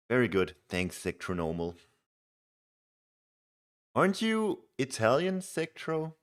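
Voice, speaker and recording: Young male streamer, deep voice, chatty and easygoing while playing. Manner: chatty, reads chat aloud, laughs easily. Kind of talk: casual live game commentary.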